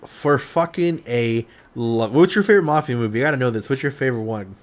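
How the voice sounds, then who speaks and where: A man's voice: mid-range voice, brisk, a little hiss or hum. A man hosting a casual chat, who talks loosely and enthusiastically and curses freely. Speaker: podcast host.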